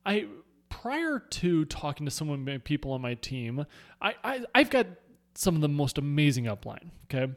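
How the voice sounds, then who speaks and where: A man who leads a sales team, talking through advice in a casual, animated way and often repeating words while he searches for phrasing. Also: a little high, normal speed. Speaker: network marketing team leader.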